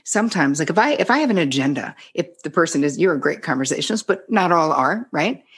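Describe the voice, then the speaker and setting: A middle-aged woman speaks as a podcast guest in a low, slightly husky voice. She talks frankly and bluntly, swearing freely and stumbling over restarts as she makes her points in casual conversation. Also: expressive, fast talker. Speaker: psychotherapist guest.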